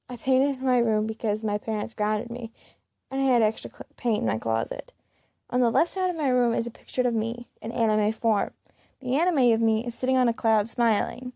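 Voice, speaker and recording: A woman's voice: a little high, creaky, warm tone, dry recording, studio quality. A woman reading a first-person fan story aloud in a plain way, with small slips and restarts. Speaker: fan-fiction reader.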